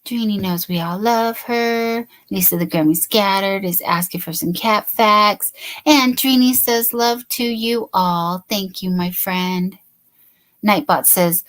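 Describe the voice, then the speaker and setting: A woman hosting a casual late-night crochet livestream, chatting and reading viewer comments aloud. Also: medium pitch.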